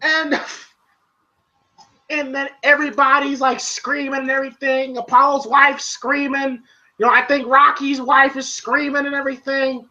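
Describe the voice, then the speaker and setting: A movie reviewer giving a casual spoken review, excitable and profane, retelling scenes in long run-on recaps. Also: high voice, moderate pace, highs cut off.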